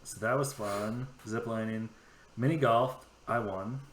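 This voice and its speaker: A man co-hosting a podcast in casual chat, telling profane, animated stories and laughing often. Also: lowish voice, measured pace, roomy sound, slight background noise. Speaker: podcast co-host.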